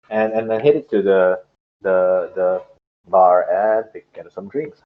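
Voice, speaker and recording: A man's voice: on the low side, measured pace, narrow, tinny audio. A man playing a tabletop game, talking casually and laughing easily. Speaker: player.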